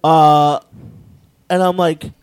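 Brief: high-pitched man, casual storyteller, crude and animated, dry close sound. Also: drawn-out words, smooth, no echo. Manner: profane, animated, quotes people in raised voices.

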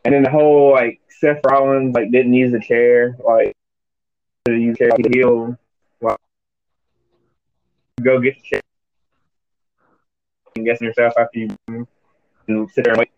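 A man's voice: mid-range voice, flat delivery, measured pace, long pauses, no echo. A man talking over a remote line that sounds tinny and phone-like. He rambles with lots of "uh" and "like," losing his thread now and then. The sound is dry, with no room around it. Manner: rambling, hesitant, full of "uh" and "like". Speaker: podcast co-host. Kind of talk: casual chat recapping wrestling. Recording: tinny phone-like call audio.

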